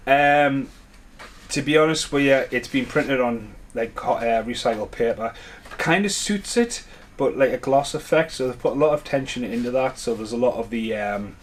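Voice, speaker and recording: A man's voice: mid-range voice, slight background noise. Man chatting through an unboxing. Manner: chatty, rambling, enthusiastic. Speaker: home media collector vlogger. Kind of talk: casual unboxing chat. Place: at home.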